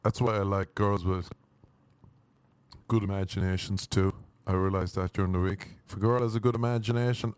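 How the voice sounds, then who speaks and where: Brief: low-pitched man with a dry, close sound, riffing wry and self-mocking in a loose comic monologue. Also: steady tone, brisk, a little mellow, clean tone, no echo. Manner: self-deprecating, wry, switches into mock voices.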